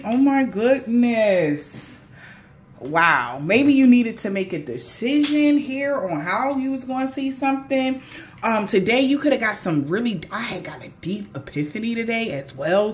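Excitable woman reading tarot cards. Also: mid-range voice, a little hiss or hum. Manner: excitable, gasping and exclaiming. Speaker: tarot card reader. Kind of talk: casual spiritual tarot reading.

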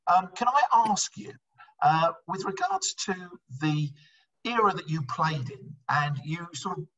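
Man from england, husky, bright edge, far from mic, dull lo-fi sound. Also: fairly high pitch, animated. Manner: halting, searching for words. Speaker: guest asking a question. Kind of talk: asking a question on a video call.

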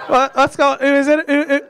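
A stand-up comedian doing crude, teasing crowd work on a club stage. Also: male voice, very high-pitched. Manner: crude, teasing banter with the audience. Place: comedy club stage before a live audience. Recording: live club recording with loud crowd laughter.

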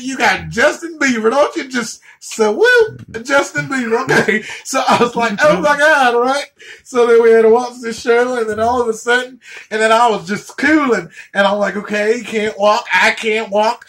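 A man's voice: very high voice, a bit bright. A man doing a profane comedic rant, stammering and repeating words as he goes.

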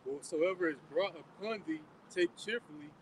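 A man's voice: a little high, slight background noise, low-quality recording. Man reading scripture aloud plainly. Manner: reads verses out slowly and plainly. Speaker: scripture reader in a Bible study.

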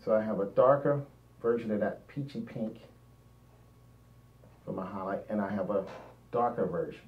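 A man with a lowish voice, speaking at normal speed, narrates a painting demonstration, thinking aloud and often trailing off mid-sentence. The sound is roomy, dull and lo-fi, with the mic set at a distance.

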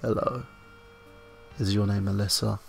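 An English man putting on a creepy, low, menacing whispered voice in a whispered role-play. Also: fairly even intonation, measured pace, gravelly, faint music behind.

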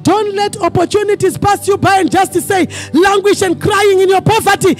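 A pastor preaching a sermon to his congregation, asking them questions for call-and-response and often breaking into fervent shouting. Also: very high-pitched, steady tone, normal speed, few pauses, soft background music. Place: church service.

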